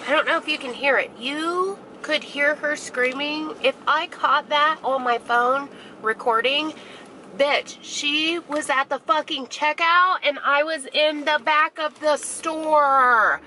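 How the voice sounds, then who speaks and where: A woman vlogs casually on a handheld camera, chatting through her shopping trip. Her voice is bright and slightly high, and her storytelling is loud, profane and gossipy. A faint hiss of car and store noise sits behind her. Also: slow, low-quality recording. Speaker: vlogger. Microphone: handheld camera mic.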